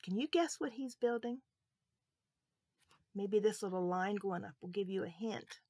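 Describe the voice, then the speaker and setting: A woman telling a Bible story to children, expressive and asking her listeners questions. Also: mid-range voice, unhurried, no room sound, studio quality.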